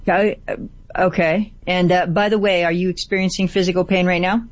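A woman appearing as a guest on a call-in radio show who gives gentle advice and often repeats words for emphasis. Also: fairly low pitch, little pitch movement, fairly quick, no echo. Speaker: guest healer. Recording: dry, slightly dull audio.

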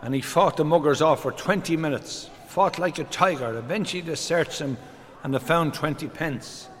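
An older man, telling a string of deadpan one-liner jokes on stage. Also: fairly high pitch, moderate pace, long reverb tail. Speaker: comedian. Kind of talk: stand-up joke telling.

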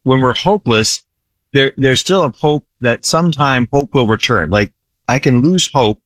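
A man's voice: mid-range voice, normal speed, no room sound. A man who works in disaster relief ministry, telling his story earnestly in an interview, repeating phrases for emphasis and often asking "right?".

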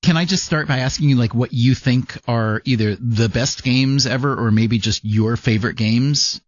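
A man hosting a podcast, narrating in a measured, reflective way and interviewing a guest. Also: medium pitch, dry recording, muffled recording. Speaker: podcast host.

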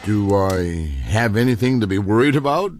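A man's voice: fairly low pitch, moderate pace, noisy background. A man narrating a first-person radio drama as a weary new king and speaking his lines. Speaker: narrator and lead character.

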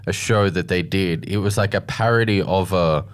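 A man's voice: deep voice, moderate pace. A man co-hosting a casual radio chat, curious and teasing, always asking questions.

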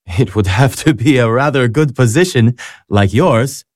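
A man's voice: medium pitch, moderate pace, dry recording, studio quality, natural voice. An actor playing an earnest, polite young man in a radio drama. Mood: curious. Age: young adult. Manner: earnest and polite, hesitant when moved. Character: earnest young male law graduate, devout and respectful. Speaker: young man seeking priesthood.

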